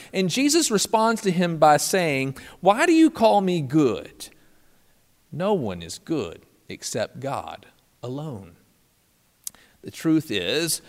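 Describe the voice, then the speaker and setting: A man delivers a sermon from the pulpit. His pitch moves a lot, and he slows down to give weight to key phrases. The church's long reverb trails behind each line. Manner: lively preaching with slow emphatic phrases. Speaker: pastor.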